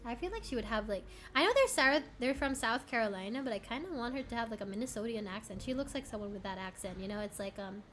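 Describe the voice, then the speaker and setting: Young woman streamer, chatty and giggly, bright higher voice, reads game text aloud. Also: expressive, a little hiss or hum. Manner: chatty, quick to laugh, reads narration and dialogue aloud. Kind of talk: casual gameplay commentary reading game text aloud.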